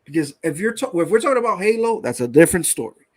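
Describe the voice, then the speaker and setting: Animated man co-hosting a gaming podcast. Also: sits high, fast talker. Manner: animated, incredulous, swears casually. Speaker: podcast co-host. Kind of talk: casual chat.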